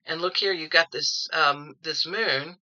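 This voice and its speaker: Forceful, rambling woman reading tarot cards. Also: sits low, unhurried, muffled recording. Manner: rambling and opinionated, repeating words as she thinks. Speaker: tarot reader. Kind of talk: casual tarot reading commentary. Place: at home.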